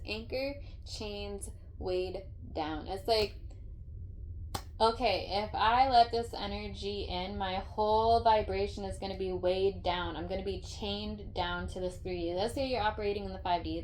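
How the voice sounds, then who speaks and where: A woman's voice: medium pitch, a little mellow, a little hiss or hum. A woman giving a casual tarot reading, rambling and emphatic, full of fillers and swearing. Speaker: tarot reader.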